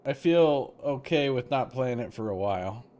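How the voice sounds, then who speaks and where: A young man casually commentating a live-streamed game and chatting with viewers, relaxed and rambling. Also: medium pitch, normal speed.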